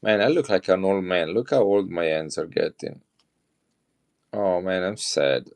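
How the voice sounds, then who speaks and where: A deep-voiced middle-aged man with an Italian accent talks casually on a live stream. He chats with viewers and shows off coins as he goes. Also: a little slow, darkish tone, smooth. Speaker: coin seller on a live stream.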